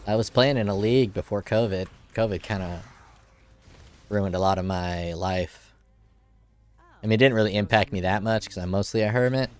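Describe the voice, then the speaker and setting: Casual, edgy game-stream chatter comes from a man in his forties whose congested nose makes him sound nasal; he seems youthful and swears offhandedly. His low-leaning voice has a clean tone, and he moves at a moderate pace with long pauses.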